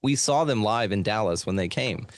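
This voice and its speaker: In a treated home studio with no echo, a middle-aged man talks at normal speed in a fairly low voice with lively intonation. He's a podcast host being interviewed, casually telling stories about his life, loose and profane and heavy on fillers.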